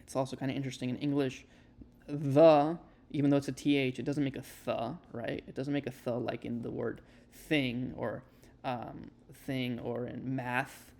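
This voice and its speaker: Gravelly-voiced man teaching pronunciation. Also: medium pitch, moderate pace. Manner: relaxed, explanatory, many fillers, demonstrates sounds. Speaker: Hebrew teacher. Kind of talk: casual spoken lesson.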